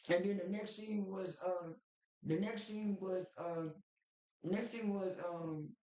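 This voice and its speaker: A man's voice: sits high, steady tone, a little mellow. Rambling man recapping a show, roomy sound. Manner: halting and rambling, many fillers and repeated words. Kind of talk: casual episode recap.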